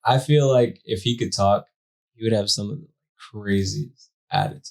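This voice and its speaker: A young man, a new father and podcast co-host, telling a story in a lively, slangy way and acting out the quotes. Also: on the low side, normal speed, gravelly. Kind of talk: casual storytelling chat.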